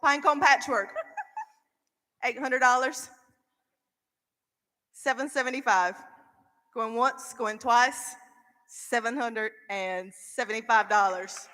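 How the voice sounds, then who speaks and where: A woman auctioneer calling bids at a charity auction in quick, repetitive, playful rounds. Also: a little high, sharp tone. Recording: reverberant event hall.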